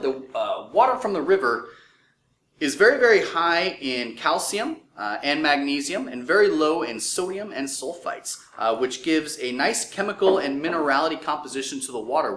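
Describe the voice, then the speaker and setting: A man's voice: mid-range voice, fairly bright tone. A young man co-hosting a casual educational chat, explaining at length with many ums and uhs. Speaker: co-host. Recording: echoey room with faint noise.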